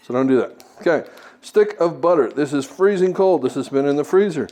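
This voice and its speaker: A man's voice: fairly high pitch, animated, a little fast, mellow. A man hosting a casual cooking tutorial in a home kitchen, chatty and joking as he goes. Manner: jokey, chatty, self-deprecating asides. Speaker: cooking video host.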